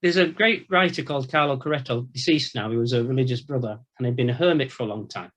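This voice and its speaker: A male Catholic priest giving an informal Lenten talk, telling stories from his time as a prison chaplain in a lively, colloquial way. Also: medium pitch, fast talker, muffled recording. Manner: storytelling, animated anecdotes with quoted voices.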